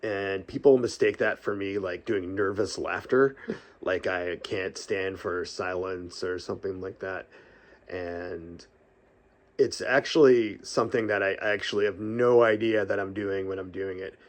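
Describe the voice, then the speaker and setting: A middle-aged man talking casually about podcasting, rambling with fillers and restarts, laughing often and letting out a breathy sigh after long phrases. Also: low voice, a little slow. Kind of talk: casual vlog talk.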